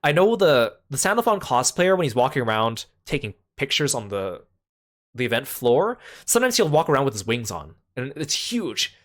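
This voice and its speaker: A man's voice: medium pitch, very animated, normal speed, fairly bright tone. A man casually recapping a trip in a chatty voice, full of fillers like "like" and "uh".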